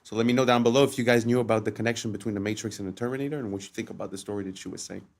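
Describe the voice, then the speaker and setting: Low-voiced man musing to his viewers. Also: fairly even intonation, very fast, gravelly, slight background noise. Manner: musing, hesitant, full of restarts and asides to viewers. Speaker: reaction video host. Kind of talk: casual reaction commentary.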